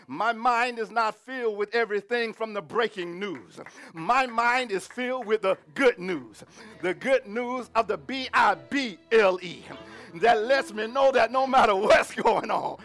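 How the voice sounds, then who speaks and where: Very high-voiced guy preaching, hums and shouts, bit of music underneath. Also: unhurried. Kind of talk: sermon.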